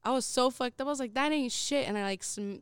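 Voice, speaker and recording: A woman's voice: fairly high pitch, fast, a little hiss or hum. A young woman, co-hosting a casual podcast and telling a long story, rambling with many "likes" and frequent swearing. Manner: rambling, heavy use of filler "like", swears often. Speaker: co-host.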